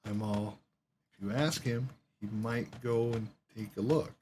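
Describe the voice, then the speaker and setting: A man's voice: fairly low pitch, fairly even intonation, unhurried, darkish tone, slight background noise. A man telling a long story while playing a game, rambling along with lots of swearing and quoted voices. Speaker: gaming streamer.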